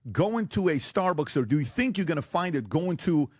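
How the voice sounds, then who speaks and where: A man debating on a talk show, who lectures forcefully and keeps firing rhetorical questions and blunt warnings. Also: fairly high pitch, expressive, moderate pace, no echo, clean studio sound. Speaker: podcast guest debating the host. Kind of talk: heated debate.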